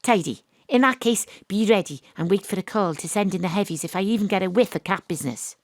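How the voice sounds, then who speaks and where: An actress playing a brisk female investigator who narrates her own case in an audio drama, often dropping to a hushed, secretive tone. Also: mid-range voice, dry recording, natural voice. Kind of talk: first-person radio drama narration. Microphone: home studio mic.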